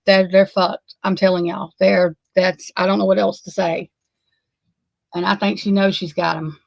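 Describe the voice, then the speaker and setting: A woman giving shaken, emotional true crime commentary, halting and stammering, swearing, close to tears. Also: medium pitch, no room sound, rough recording.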